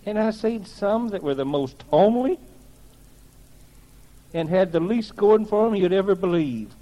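A man's voice: on the high side, warm tone, rough recording. A man giving a personal testimony to a gathering, telling it in a plain-spoken, folksy way with earnest conviction.

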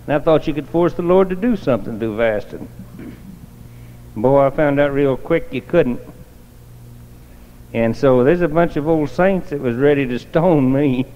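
A man's voice: mid-range voice, normal speed, long pauses. A man preaching, telling a homespun testimony in a colloquial, storytelling way. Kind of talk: folksy sermon testimony. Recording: dull lo-fi recording in a reverberant church hall.

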